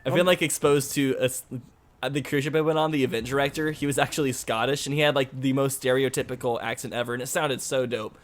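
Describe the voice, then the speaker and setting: A man's voice: mid-range voice, steady tone, fast. A man co-hosting a casual gaming chat, goofy and jokey, laughing often. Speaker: co-host.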